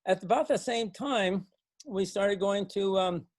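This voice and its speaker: An older man from Montana, an organic farmer telling a story to a club in a folksy way, with many fillers and restarts, lively when he quotes others. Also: sits high, a little slow, dry recording.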